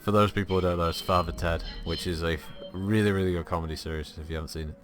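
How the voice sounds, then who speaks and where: A man's voice: low voice, fairly even intonation, fast, soft background music. A man streaming a strategy game, rambling casually between turns with plenty of fillers and casual swearing. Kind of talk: casual gameplay commentary.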